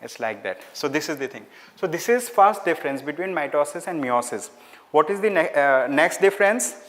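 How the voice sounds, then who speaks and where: A man with an Indian English accent lectures a class in a slightly high voice, repeating key words and slipping into Hindi phrases. The room carries a long, hall-like reverb. The scratch of writing on a board runs under his talk. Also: animated, fairly quick, a bit bright. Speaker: teacher.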